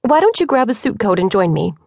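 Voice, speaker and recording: A woman narrator voicing a confident young woman who runs a construction firm, brisk and teasing in her manner. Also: mid-range voice, big pitch swings, vocal fry, a little mellow, no room sound, studio quality.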